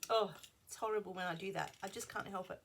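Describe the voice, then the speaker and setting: A middle-aged woman chatting casually at her craft table at home, rambling and drifting into soft asides, a little unwell. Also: mid-range voice, fast talker, gravelly, slight background noise. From Australia. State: slightly unwell. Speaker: craft vlogger. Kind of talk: casual show-and-tell chat.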